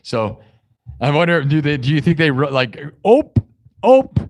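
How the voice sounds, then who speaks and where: A young man from Iowa chatting casually on his live stream, excitable and boastful, rambling with many restarts. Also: on the high side, moderate pace. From Iowa, US Midwest.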